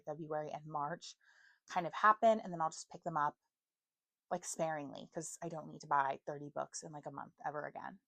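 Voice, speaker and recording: A woman's voice: low voice, fairly bright tone, dry recording. A woman in her twenties chatting casually to camera about books, self-mocking and stumbling over words now and then. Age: 20s. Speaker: book vlogger.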